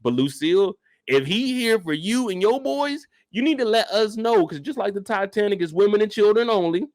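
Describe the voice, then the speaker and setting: A man's voice: high-pitched, normal speed, no echo, clean studio sound. A man hosting a comedic reaction rant about a TV episode, swearing freely and breaking into laughter often. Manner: animated, profane, laughing often. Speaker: show reaction host.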